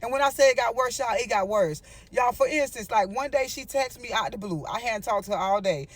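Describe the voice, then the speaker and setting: A woman telling a story to her viewers in a casual, animated vlog, with frequent asides to them. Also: a little high, a little fast. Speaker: storyteller vlogger.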